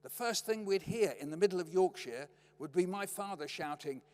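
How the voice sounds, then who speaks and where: A man's voice: sits high, normal speed. An older man giving a storytelling lecture in a wry, anecdotal way, heard in a lecture hall. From Britain. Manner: wry, anecdotal, lively delivery. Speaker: lecturer, poet. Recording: long hall reverb.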